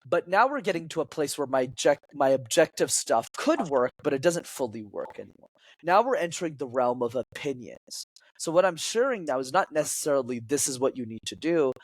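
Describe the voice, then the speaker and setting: Fairly high-pitched and fairly quick, this podcast guest coaches public speaking and animatedly dramatizes quotes in shifting voices. The recording is dry.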